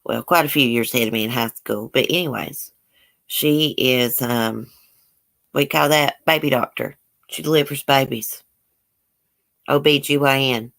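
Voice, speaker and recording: A YouTube livestream host, this woman has an extremely low, slightly bright voice with vocal fry, a measured pace, and long pauses. In a broad Southern country accent and a folksy drawl, she reads out and responds to viewer comments casually, outspoken and quick to swear.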